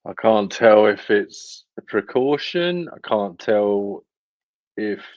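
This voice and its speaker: A man co-hosting a football watchalong, chatting casually and quickly with playful asides. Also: lowish voice, animated, dry recording, muffled recording. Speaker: watchalong co-host. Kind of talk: casual chat over a live match.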